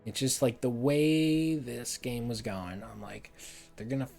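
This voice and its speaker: Dude ranting about a game ending, cussing constantly, medium pitched voice. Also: male voice, a little slow, creaky, darkish tone, soft background music. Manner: ranting, swearing often, exasperated; repeats words in frustration. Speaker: streamer reviewing a game. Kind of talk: heated game review rant.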